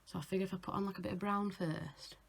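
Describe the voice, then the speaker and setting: A woman's voice: mid-range voice, fairly even intonation, fast, gravelly. A young woman chatting casually and giggling through a makeup tutorial. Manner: chatty, giggly, self-mocking. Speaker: makeup artist vlogger.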